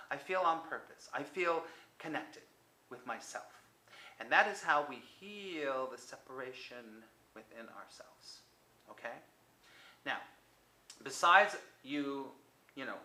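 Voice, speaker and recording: A man giving a motivational self-help talk to the viewer, coaxing and repetitive, sometimes dropping to a soft near-whisper. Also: medium pitch, echoey room, rough recording.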